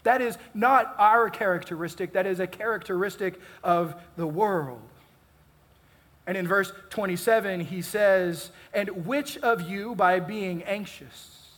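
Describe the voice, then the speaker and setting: A pastor delivering a sermon, measured and emphatic, building intensity and then easing off. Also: male voice, high-pitched, fairly bright tone. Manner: measured, emphatic preaching with rising and falling intensity.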